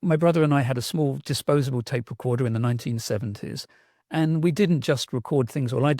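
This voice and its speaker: A man's voice: medium pitch, a little mellow, dry recording, clean studio sound. A middle-aged man with a South London accent, telling stories with enthusiasm and a reflective manner in a podcast interview. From England. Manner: enthusiastic, reflective storyteller with restarts. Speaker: guest, sound artist.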